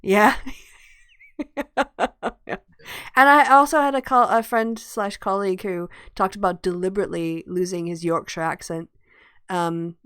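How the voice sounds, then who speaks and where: A woman's voice: medium pitch, steady tone, a little slow, long pauses, a bit bright, clear, resonant tone, no echo, studio quality. Tired, laughing woman podcast host. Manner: chatty, laughs often. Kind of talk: casual chat.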